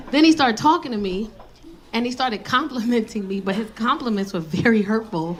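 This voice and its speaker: A woman stand-up comedian telling a dating story in an animated, loud way and teasing the audience. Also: a little high, moderate pace. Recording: live club mic, crowd laughter, noise.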